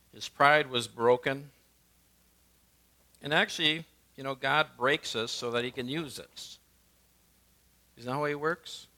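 A male pastor, preaching a sermon and swinging from emphatic lines to hushed ones. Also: mid-range voice.

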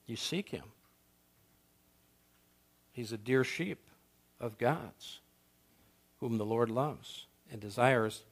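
Male pastor, sermon delivery, emphatic with rhetorical questions and shifts from loud to soft. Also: mid-range voice.

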